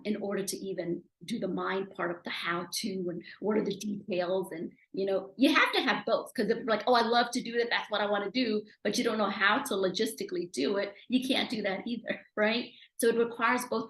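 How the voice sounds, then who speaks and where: Animated woman guest in a roomy space. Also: brisk, hardly any pauses. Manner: animated, emotional, rising loudly at high points. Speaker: interview guest, public speaker and author. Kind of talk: conversational interview storytelling. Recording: roomy echo.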